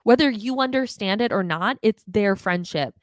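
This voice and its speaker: A young adult woman hosting a podcast, recapping reality TV in a casual, animated, exasperated way, swearing freely and mimicking the people she talks about. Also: medium pitch, normal speed, no room sound, studio quality.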